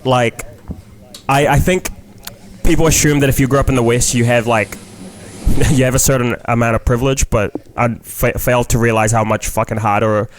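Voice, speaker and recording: A man's voice: mid-range voice, steady tone, moderate pace, slight background noise. A young man with a New Zealand accent, a comedian guest on a podcast, talking frankly and rambling, swearing freely in casual chat.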